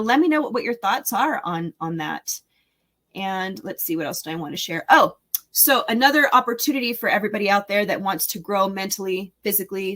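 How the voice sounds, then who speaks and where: A woman in her forties, a podcast host and speaker, talks in a medium-pitched, slightly bright voice on her casual solo podcast. She's enthusiastic and encouraging, rambling with plenty of fillers.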